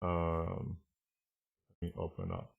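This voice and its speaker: A man with a very low voice teaches an online class in a relaxed, chatty way. He talks through his translation choices as he goes, stopping to rephrase and correct himself. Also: slow pace, gravelly, phone-quality sound. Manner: thinks aloud, explaining choices with frequent self-corrections.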